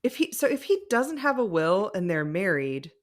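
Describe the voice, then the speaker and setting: A woman's voice: mid-range voice, normal speed. A woman co-hosting a podcast, chatting casually and giggling as she recaps a reality show, with plenty of "like" in her talk. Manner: giggly, animated, lots of "like" fillers. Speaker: podcast co-host.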